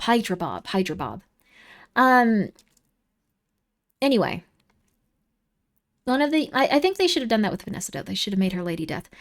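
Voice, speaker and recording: A woman streamer chatting casually and reading viewer comments, rambling and animated, quick to get worked up. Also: on the high side.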